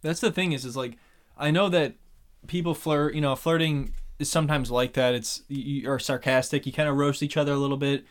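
Male co-host, mid pitch, casual recap chat, animated and quick to laugh. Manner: animated, acts out quotes in raised voices, laughs often. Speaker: podcast co-host.

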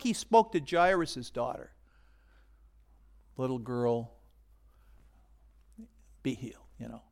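A male pastor giving a sermon in a conversational way, swinging from loud emphasis down to a near-whisper. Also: mid-range voice, animated, unhurried, creaky, long pauses.

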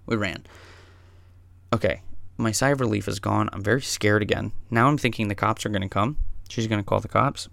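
A man telling a personal story in a casual, rambling way, swearing often and getting excited as he goes. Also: fairly low pitch, fairly quick, creaky, dry recording.

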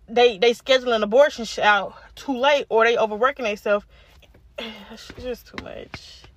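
A woman of about twenty hosting a podcast alone, ranting angrily and bluntly with heavy swearing. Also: a little high. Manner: angry, profane, blunt. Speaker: podcast host. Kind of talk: casual solo rant.

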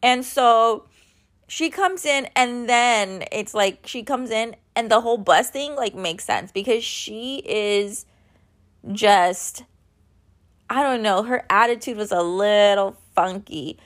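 A woman's voice: on the high side, slow pace. A woman in her thirties tells a long story in a loose, chatty monologue. She rambles, fills gaps with filler words and swears bluntly. She sounds a little worn out. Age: 30s. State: tired.

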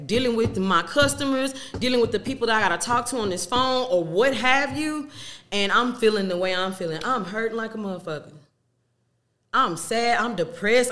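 A woman's voice: medium pitch, a bit bright. A young woman talking candidly to her listeners in a casual, emphatic way, with slang and swearing. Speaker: podcast host.

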